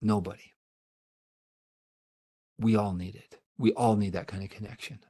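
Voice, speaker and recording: Middle-aged male therapist presenting a webinar, earnest and emphatic, lowish voice. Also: fairly even intonation, normal speed, warm tone, husky. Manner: answers audience questions.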